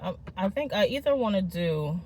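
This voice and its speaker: A woman's voice: medium pitch, expressive, normal speed, a little mellow. A woman in her forties vlogging outdoors after a walk, out of breath, chatty and upbeat. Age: 40s. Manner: chatty, upbeat, addresses viewers as friends and y'all. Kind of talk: casual vlog chat. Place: outdoors on a walking trail.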